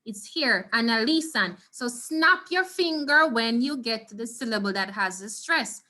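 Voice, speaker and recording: A Jamaican woman teaches Spanish online through her computer mic on a video call, patiently sounding out words again and again for her students. Her voice is a little high, bright, and crisp, and she keeps a measured pace.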